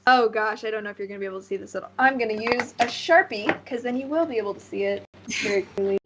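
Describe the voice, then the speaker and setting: A woman's voice: medium pitch, fast, noisy background. A woman narrating as game master of a tabletop game, rambling and searching for words with many fillers.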